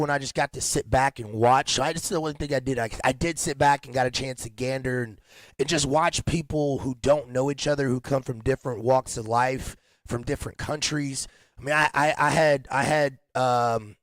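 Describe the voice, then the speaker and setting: A man's voice: mid-range voice, no room sound. A man hosting a casual podcast chat, rambling in slang with frequent restarts and laughter. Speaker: podcast host.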